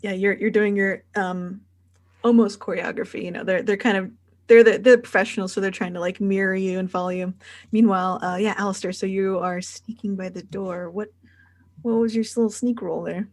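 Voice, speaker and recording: A woman's voice: mid-range voice, fairly even intonation, fairly quick, darkish tone. Woman game master narrating a tabletop game. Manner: rambling, many fillers and restarts.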